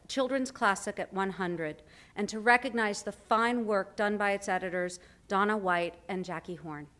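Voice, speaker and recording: A woman's voice: mid-range voice, fairly bright tone. A woman presenting an award at a banquet, reading a prepared citation with brief asides. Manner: formal reading with light asides and fillers. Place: banquet hall.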